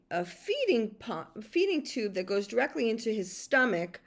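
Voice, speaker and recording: A middle-aged woman caregiver telling a personal story in an emotional monologue, venting with heated outbursts and frequent swearing. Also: fairly high pitch. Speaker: podcast host and caregiver.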